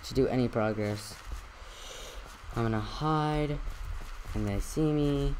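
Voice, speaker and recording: A gamer giving excitable solo gameplay commentary with a strained voice, yelping and trash-talking opponents. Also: medium pitch, takes it slowly, a little hiss or hum, poor audio. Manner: excitable, yelps and trash-talks.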